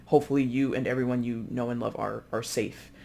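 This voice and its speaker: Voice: mid-range voice, steady tone, a little fast, creaky, darkish tone, a little hiss or hum. A tarot reader speaking casually to camera, chatty and loose, often acting out the lines of imagined people. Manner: loose, with frequent fillers and self-corrections.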